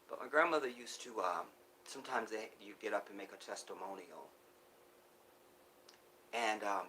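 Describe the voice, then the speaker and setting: A man talking live to his viewers in an emotional monologue, breaking off and restarting, swinging from loud urgent pleas to hushed near-whispers. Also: on the low side, slight background noise, rough recording. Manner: halting, restarts often. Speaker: live streamer.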